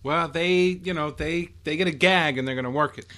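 A man's voice: a little high, fairly quick, sharp tone. A laid-back man co-hosting a casual chat who mostly gives short, dry replies. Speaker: co-host.

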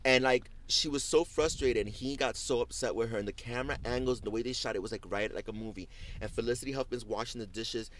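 A man hosting a casual talk show, recapping TV scenes as an animated storyteller who acts out the quotes and leans on "like". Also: mid-range voice, quick pace. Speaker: show host.

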